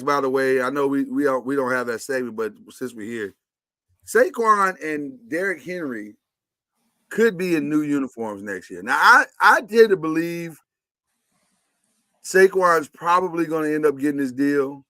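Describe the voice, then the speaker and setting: Male sports-show host, bright higher voice, opinionated and chatty, dry mic. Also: expressive, normal speed, no echo. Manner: chatty, opinionated, runs the segments. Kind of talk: casual sports talk.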